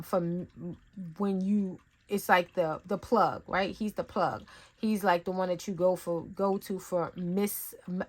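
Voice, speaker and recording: A woman talking casually as a tarot reader, rambling and conversational with lots of fillers, telling stories in an animated way. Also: lowish voice. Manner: animated storytelling with acted-out asides. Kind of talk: casual spiritual reading talk.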